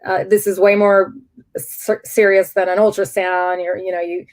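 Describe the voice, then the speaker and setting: A middle-aged woman, a guest in an interview, telling a personal story candidly and in an animated way, often restarting her sentences. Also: medium pitch, moderate pace.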